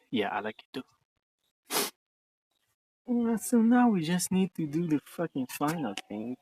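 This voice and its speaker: A man's voice: medium pitch, creaky. A man chatting casually on a livestream outdoors in a garden, rambling and joking with lots of swearing. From Ukraine. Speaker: streamer.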